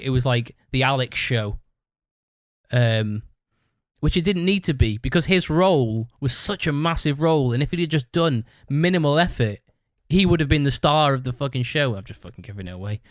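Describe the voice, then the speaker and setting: An animated man with a mid-range voice, speaking at a moderate pace, hosts his own podcast and tells a long, casual story bluntly, rambling, restarting and swearing constantly. There's no room sound, and the quality is studio-level.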